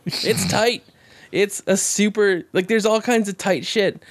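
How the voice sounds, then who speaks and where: A man co-hosting a podcast, talking about games in a fast, rambling way, swearing often and getting excited. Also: high voice, no room sound. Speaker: podcast co-host. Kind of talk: casual chat.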